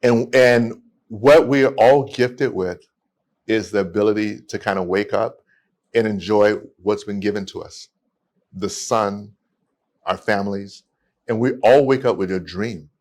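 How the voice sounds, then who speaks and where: Man, 50s, low voice, chatty guest with restarts and animated storytelling. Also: measured pace. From United States. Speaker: guest, immigration attorney. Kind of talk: casual podcast conversation.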